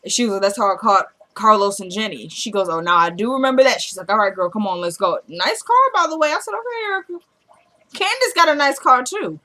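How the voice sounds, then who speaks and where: A woman's voice: medium pitch, expressive, brisk, few pauses, pushed and bright. A woman casually recapping a TV drama episode, acting out the characters' lines as she retells each scene. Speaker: show recapper.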